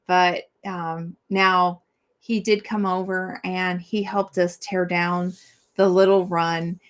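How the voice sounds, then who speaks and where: A woman's voice: fairly low pitch, level tone, slow, clear, resonant tone. A middle-aged woman hosting a casual live-stream chat, rambling and chatty with many fillers as she talks to viewers.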